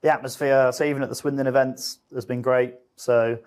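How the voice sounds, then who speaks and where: Brief: man, 30s, mid-pitched voice, relaxed and self-deprecating podcast guest. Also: brisk. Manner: easygoing, self-deprecating, chuckling. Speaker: guest from the company. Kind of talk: casual chat.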